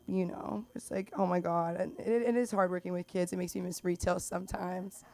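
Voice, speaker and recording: A young woman performing an open mic stand-up set, rambling through stories with lots of "like" and "um" and bursting into loud put-on voices for the people she describes. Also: fairly low pitch, flat delivery, fairly quick. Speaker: stand-up comic. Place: small comedy club stage.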